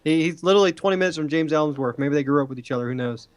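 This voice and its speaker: A man's voice: fairly high pitch, rapid-fire, no room sound. Playful male wrestling podcast co-host. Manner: playful, chatty. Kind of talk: casual wrestling talk.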